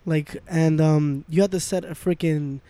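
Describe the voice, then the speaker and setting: A young man co-hosting a podcast, joking in casual chat with quick interjections. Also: a little high, steady tone, dark tone, clear, resonant tone, no echo. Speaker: podcast co-host.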